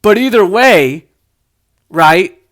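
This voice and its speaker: A man's voice: sits high, animated, extremely slow, fairly bright tone. A young man in a casual, sarcastic political rant, mocking and full of filler words. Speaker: political commentator.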